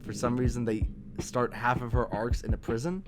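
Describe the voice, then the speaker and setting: A man with a middling voice co-hosts a casual podcast chat. He talks haltingly and his sentences trail off quietly, with guitar music audible behind him. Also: mid-range voice, level tone. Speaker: podcast co-host.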